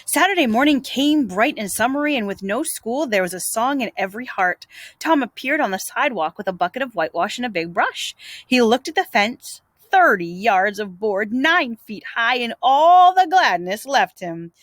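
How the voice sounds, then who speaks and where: A woman reading a classic storybook aloud for English learners, expressive and animated, with small slips. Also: a little high, moderate pace, dry recording.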